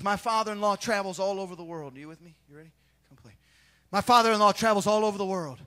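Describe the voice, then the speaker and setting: A male pastor preaching a sermon in a church, swinging between quieter asides and shouted, sing-song peaks. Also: high-pitched, fast. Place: church sanctuary.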